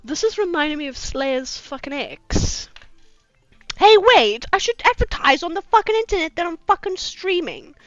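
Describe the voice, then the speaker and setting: A woman's voice: very high-pitched, sing-song, moderate pace, a bit bright, no room sound, soft background music. A woman from South Africa, reading fanfiction aloud on a live stream and mocking it with sweary, incredulous asides. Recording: dry, slightly dull home stream audio.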